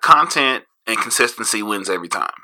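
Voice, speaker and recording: A man with a St. co-hosting a podcast, telling stories in casual chat, swearing freely and jumping high in pitch when excited. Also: brisk, background noise. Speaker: podcast co-host.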